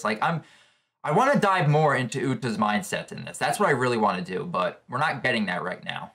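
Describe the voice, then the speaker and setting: A man giving live reaction commentary on a comic chapter, excitable and thinking aloud with restarts. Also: medium pitch, fairly quick. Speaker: comic reaction channel host.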